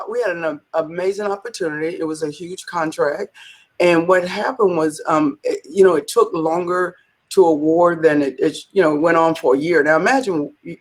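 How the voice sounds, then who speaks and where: A woman guest in a conversational interview, telling a story in an animated way and acting out the quotes. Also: low voice. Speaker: business leader, interview guest.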